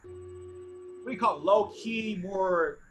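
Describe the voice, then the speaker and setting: A man teaching a group bass class over a video call, thoughtful and often restarting phrases while he searches for words. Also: big pitch swings, slow pace, over music, poor audio.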